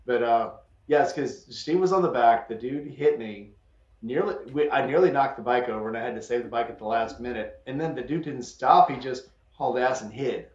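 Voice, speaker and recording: A man's voice: mid-range voice, brisk, a little mellow. A man telling blunt, casually profane stories in a group video chat. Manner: blunt storyteller, swears casually. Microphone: video call. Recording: roomy, dull video-call audio.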